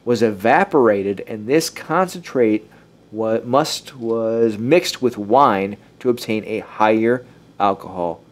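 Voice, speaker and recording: A man co-hosts a casual podcast in a lowish voice at a slow pace. He jokes around and stumbles a little while reading aloud from his notes.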